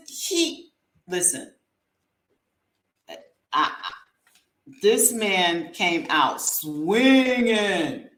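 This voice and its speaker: A woman's voice: low voice, a bit bright. A woman hosting a commentary show, giving a blunt, heated and slangy opinion monologue. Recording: echoey room.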